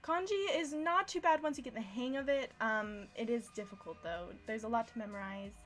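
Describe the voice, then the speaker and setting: A woman's voice: on the high side, fairly quick, a bit bright. A young woman giving a casual live-streamed language lesson, chatty and self-deprecating, often laughing at herself. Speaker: language teacher.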